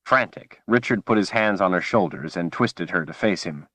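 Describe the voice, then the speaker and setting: A man narrating a fantasy audiobook with a measured, dramatic delivery. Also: low voice, animated, sharp tone, dry recording.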